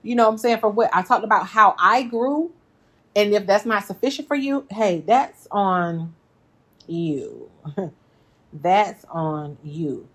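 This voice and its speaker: Animated woman chatting to viewers. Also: mid-range voice, slow. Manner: animated, laughs often, addresses viewers as y'all. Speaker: reality TV recap host. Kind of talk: casual reaction commentary.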